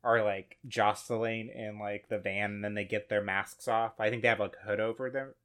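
Chill low-voiced guy on a comedy podcast, lots of ums and likes. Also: little pitch movement, normal speed, fairly bright tone, smooth. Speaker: podcast co-host. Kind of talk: comedic casual chat.

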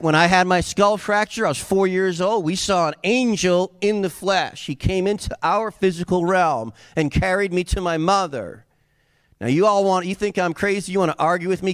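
Southern US pastor mid-sermon, man with a raised pitch and a dry, close sound, impassioned, goes loud then quiet. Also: clean tone, no room sound.

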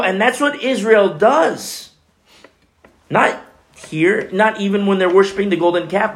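A pastor delivers a Bible teaching sermon in a conversational style, sprinkling in frequent "you know" asides. His voice sits at a fairly high pitch.

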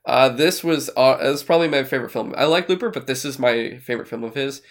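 A man's voice: medium pitch, quick pace. Rambling man chatting on a podcast. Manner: rambling, many fillers and restarts, swears casually. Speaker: podcast co-host. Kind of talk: casual chat.

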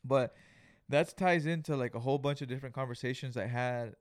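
A young man from California tells a story on a podcast with lots of swearing and plenty of life, voicing each person he talks about. His voice sits at an ordinary male pitch. The recording is close and dry, with no room sound. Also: a little fast, no echo. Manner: animated, profane storytelling, acts out the people in the story. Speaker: podcast co-host. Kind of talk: casual storytelling chat.

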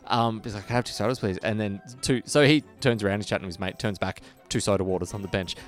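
A man's voice: lowish voice, quick pace, soft background music. A man with an Australian accent, co-hosting a podcast and telling a rambling story in casual chat. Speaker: podcast co-host.

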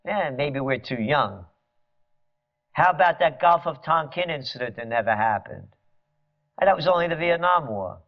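A man's voice: on the high side, lively intonation, moderate pace, long pauses. A man delivering a fiery, sarcastic political rant, mocking officials. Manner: fiery, sarcastic, mocks officials in mimicking voices. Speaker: commentator. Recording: dull lo-fi recording.

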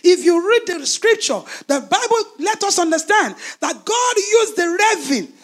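A man preaching a fiery sermon, shouting in a sing-song preaching cadence. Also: very high-pitched, sing-song, measured pace, hardly any pauses.

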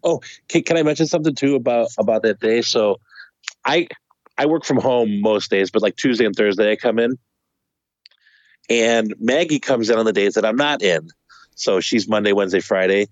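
A man's voice: on the low side, moderate pace, dry recording, highs cut off. A man co-hosting a podcast, telling stories casually and animatedly, with swearing and laughter. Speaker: podcast co-host. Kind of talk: casual storytelling chat.

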